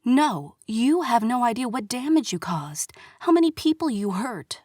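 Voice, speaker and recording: A woman's voice: medium pitch, unhurried, no room sound, natural voice. A woman voicing a fiery young dance studio owner who speaks indignantly and accusingly, in an audiobook reading. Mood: hissed.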